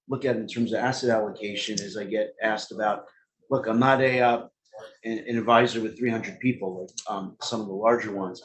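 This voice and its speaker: A man's voice: fairly low pitch, a little hiss or hum, poor audio. A man with a Brooklyn New York accent, speaking as a family office advisor on a panel, rambling and joking with many fillers. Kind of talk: panel discussion.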